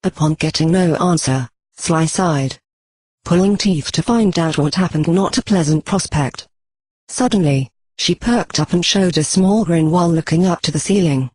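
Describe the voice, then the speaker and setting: A text-to-speech voice narrating a storybook in a flat, even synthetic delivery. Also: mid-range voice, moderate pace, husky, no echo, low-quality recording.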